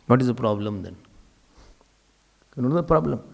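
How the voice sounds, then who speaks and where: A man's voice: mid-range voice, lively intonation, normal speed, creaky. A man with an Indian English accent giving a sermon as a swami, repeating key phrases for emphasis and slipping Hindi words into his English. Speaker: swami giving a spiritual talk.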